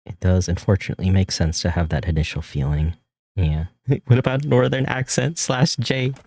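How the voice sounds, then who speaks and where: Deep-voiced rambling American streamer guy. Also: normal speed, gravelly, a little mellow, dry recording. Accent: neutral American. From California. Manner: rambling, loose, swears often, laughs a lot, voice jumps high when joking. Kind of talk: casual livestream chat while drawing.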